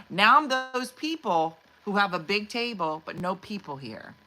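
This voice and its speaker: A middle-aged woman, a comedian, telling an exasperated, animated story to her livestream audience and acting out the quotes. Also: mid-range voice, normal speed, few pauses, poor audio. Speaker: comedian host. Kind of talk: storytelling monologue.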